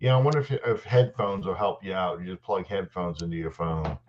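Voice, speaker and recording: A man co-hosting a casual sports chat, telling stories in a rambling, animated way with many restarts. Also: low voice, a little fast, crowd noise. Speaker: podcast co-host. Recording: dull lo-fi audio.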